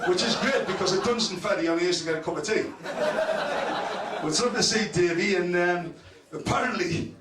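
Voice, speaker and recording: A man's voice: sits high, animated, fairly quick, heavy background noise. A man hosting a club awards night, cracking crude, swear-laden jokes and laughing through them. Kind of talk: crude roasting banter. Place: club function room with an audience. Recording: echoey room, voice far from the mic. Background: loud crowd laughter.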